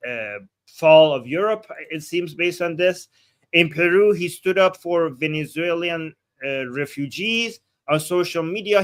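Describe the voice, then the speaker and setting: A man's voice: fairly high pitch, a bit bright. A man hosting a live political stream, reading news aloud and reacting with blunt sarcasm and many restarts. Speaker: political livestream host. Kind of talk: casual commentary reading and reacting.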